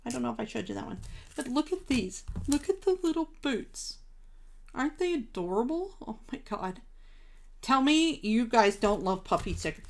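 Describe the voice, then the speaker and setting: A woman's voice: fairly high pitch, animated, moderate pace, creaky. A woman hosting a live crafting stream, chatting casually with viewers, gushing over supplies and laughing at herself. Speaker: craft livestream host.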